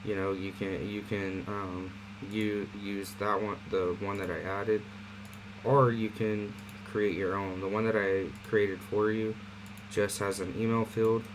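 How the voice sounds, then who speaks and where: A man casually walking viewers through an online marketing platform in a screen-share tutorial, talking in a relaxed, conversational way with fillers. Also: fairly low pitch, measured pace, noisy background.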